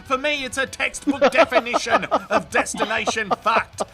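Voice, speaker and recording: A man's voice: very high voice, moderate pace, pushed and bright. A man narrating a comedic clip video in a sardonic, crude manner. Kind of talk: scripted comedic voice-over.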